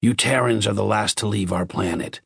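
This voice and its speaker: A man voicing a stern male Martian officer who speaks in a slow, clipped, commanding way. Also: fairly low pitch, vocal fry, slightly rough, dry recording, clean studio sound, full character voice. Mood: cold.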